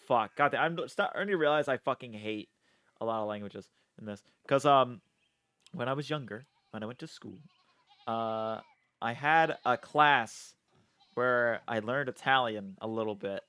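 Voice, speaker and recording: A man's voice: medium pitch, a little slow, clear, resonant tone, dry recording. Chatty, swearing young man streaming a game. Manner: swears often, laughs, reads game text and chat aloud, excitable. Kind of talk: casual live-stream commentary.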